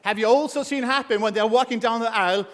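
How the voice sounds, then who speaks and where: Lively man on stage in an echoing hall. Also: very high-pitched, fast. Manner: energetic, joking, asks the audience questions. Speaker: motivational speaker. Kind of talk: motivational talk on stage. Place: event hall. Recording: long hall reverb.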